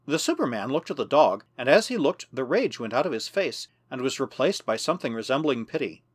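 A man narrating a first-person adventure novel as an audiobook, in a measured, expressive storytelling manner. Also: medium pitch, breathy edge.

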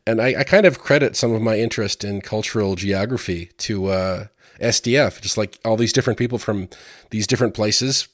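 A man's voice: fairly low pitch, dry recording, clean studio sound. A man from Maryland in casual chat, rambling and often repeating words as he thinks. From Maryland, USA.

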